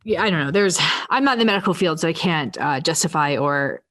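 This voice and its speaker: Give me a low-pitched woman co-host telling an animated story on a podcast. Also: fast. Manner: animated storytelling with laughs, acts out quotes. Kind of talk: casual chat.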